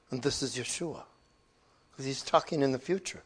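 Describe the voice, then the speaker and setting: A man's voice: medium pitch, normal speed, breathy edge. A man leading a sermon, who talks about the scripture readings in a conversational, earnest way and repeats words for emphasis. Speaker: preacher. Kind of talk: sermon commentary.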